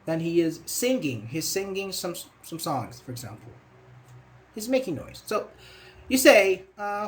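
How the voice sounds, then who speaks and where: A man's voice: sits high, big pitch swings, unhurried. A man. He explains patiently with everyday examples and repeats his phrases. He also acts out short quoted lines. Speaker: English teacher. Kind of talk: online grammar class.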